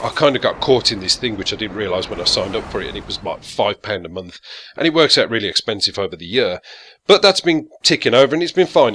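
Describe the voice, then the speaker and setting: Chatty man with a bright voice. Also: fairly low pitch, a little hiss or hum. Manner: chatty, rambling, self-deprecating. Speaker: gaming YouTuber. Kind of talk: casual talk to camera.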